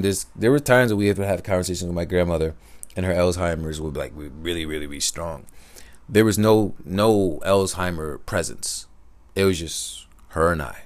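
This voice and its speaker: Male podcaster, low gravelly register, soft-spoken personal storytelling. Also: no room sound. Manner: reflective, soft-spoken, unhurried.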